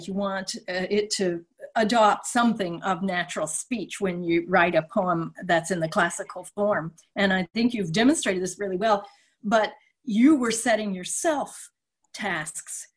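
A woman's voice: medium pitch, a little slow. A woman interviewing a poet, asking questions and responding with admiring enthusiasm. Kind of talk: conversational interview.

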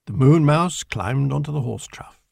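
A man reading a children's storybook aloud in a slow, clear, deliberate manner. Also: medium pitch, a little mellow, no echo, clean studio sound. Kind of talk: storybook narration.

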